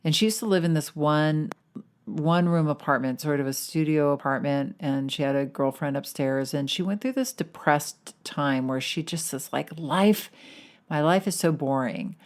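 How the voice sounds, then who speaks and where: A middle-aged woman hosting a podcast as a weight loss coach, talking in a chatty, encouraging way with animated emphasis. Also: deep voice, normal speed. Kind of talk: podcast monologue.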